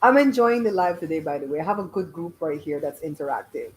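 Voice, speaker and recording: A woman's voice: sits low, expressive, quick pace, low-quality recording. Belizean woman, middle-aged, blunt and chatty host reading out her live chat. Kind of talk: casual live-stream chat.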